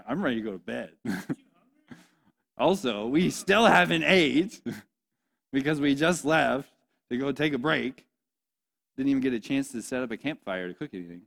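A man's voice: mid-range voice, expressive, a little slow, gravelly, long pauses, fairly bright tone. A young man preaching a sermon in a playful, joking way, often asking the audience questions. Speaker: pastor.

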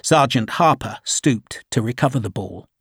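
Audiobook narrator, male, husky mid-pitched read, measured delivery, dry studio sound. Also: no echo. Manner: measured, even storytelling.

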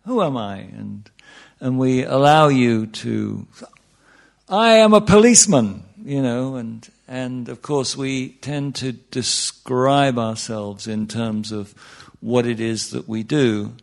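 A man's voice: mid-range voice, fairly even intonation, slow pace, gravelly, hardly any pauses. A man teaching meditation to a live audience in an informal talk, chatty and wry, often restarting sentences and asking the room questions. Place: speaking in front of a room of listeners.

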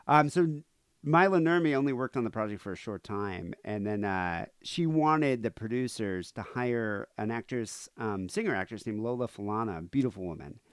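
A man's voice: on the low side, animated, normal speed, clean tone, no room sound. A man co-hosting a podcast, telling a story in a rambling casual way, full of "uh" and "you know". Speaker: podcast co-host.

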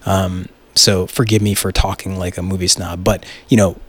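A young man hosting a casual solo podcast, rambling and excitable, swearing freely and restarting his sentences. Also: deep voice, normal speed, dry recording. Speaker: podcast host.

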